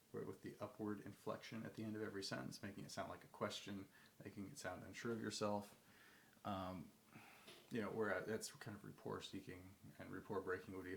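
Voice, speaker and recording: A man's voice: low-pitched, flat delivery, fairly quick, vocal fry, echoey room, a little hiss or hum. A man giving casual advice, rambling with many fillers and restarts, sometimes acting out phone calls. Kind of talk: casual talk to camera.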